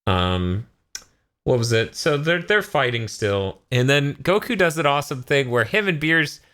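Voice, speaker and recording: A man's voice: measured pace, clear, resonant tone. A man co-hosting a podcast, recapping an anime episode in casual chat, swearing freely and acting out the characters. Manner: animated retelling, jumps into high squeaky voices for quoted characters, swears freely. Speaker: podcast co-host.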